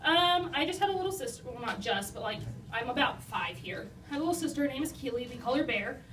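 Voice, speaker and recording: A woman's voice: high-pitched, animated, fast talker. A young woman telling funny stories about her own life to a live audience, self-deprecating and chatty, full of "like" and "you know.". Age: young adult. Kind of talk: humorous personal storytelling. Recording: roomy, distant mic, noisy.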